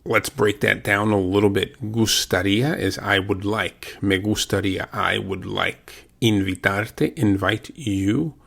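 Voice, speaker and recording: A man teaching a language lesson, patiently saying words slowly and repeating them for practice. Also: lowish voice, gravelly, a bit bright.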